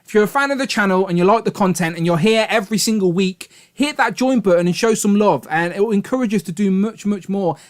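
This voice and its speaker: Casual male stream host, chatty and upbeat, voice sits a little high. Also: fast talker, few pauses. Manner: upbeat, rambling, laughs often. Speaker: livestream host. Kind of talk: casual livestream chat.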